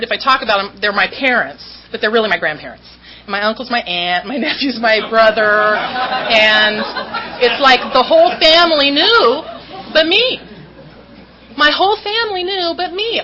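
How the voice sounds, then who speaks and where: A woman's voice: on the high side, pushed and bright, dull audio, slight background noise. A woman from Southern California candidly telling her recovery story at a meeting, self-mocking and acting out what people said.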